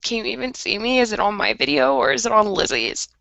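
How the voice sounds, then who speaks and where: A woman's voice: fairly high pitch, animated, fast talker, creaky, a bit bright, no echo, highs cut off. A woman co-hosting a podcast over a video call, rambling in a melodramatic, chatty way. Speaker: podcast co-host. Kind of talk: casual chat.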